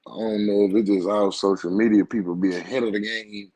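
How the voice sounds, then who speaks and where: Brash husky man talking football. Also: lowish voice, fairly even intonation, fairly quick, a little mellow, dry recording, poor audio. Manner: brash, boastful, slangy trash talk. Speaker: co-host, football fan. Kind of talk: casual sports chat.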